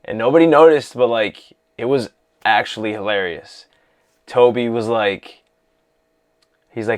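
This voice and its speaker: A man casually talking through a film he loved, excited and rambling, full of "you know" and "like". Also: medium pitch, unhurried, pauses often. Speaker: vlogger reviewing a film. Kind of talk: casual movie talk.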